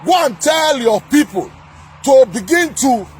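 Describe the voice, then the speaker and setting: A man delivering an angry political rant, shouting, scolding and repeating himself. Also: extremely high pitch, expressive, measured pace, husky, soft background music. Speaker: political commentator.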